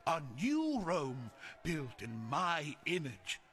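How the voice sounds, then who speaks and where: A vain, pompous Roman emperor. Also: male voice, a little high, wildly swooping pitch, slow, fairly bright tone, exaggerated voice. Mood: imperious. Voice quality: pompous, petulant and theatrical. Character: vain, paranoid Roman emperor, self-declared god. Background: music.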